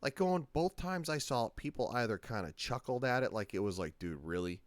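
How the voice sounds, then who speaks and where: A man's voice: mid-range voice, sing-song, brisk, dry recording. Rambling man hosting a reaction video. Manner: rambling, many fillers and restarts. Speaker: channel host. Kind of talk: casual reaction commentary.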